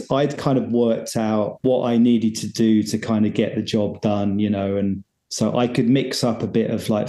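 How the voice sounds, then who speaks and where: A man's voice: on the low side, dark tone, roomy sound. A man guesting on a podcast, telling a rambling, self-deprecating story with lots of restarts. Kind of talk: casual storytelling.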